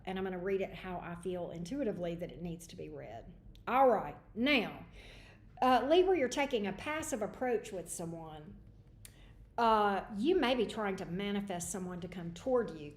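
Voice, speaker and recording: A woman's voice: medium pitch, lively intonation, normal speed. Chatty woman tarot reader, echoey room. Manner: chatty, greets viewers by name. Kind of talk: livestream tarot reading.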